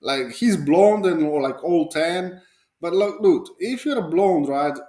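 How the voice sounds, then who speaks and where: A man's voice: a little high, animated, unhurried, warm tone. Sarcastic, profane man in an echoey room. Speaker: podcast host. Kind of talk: casual comedic monologue.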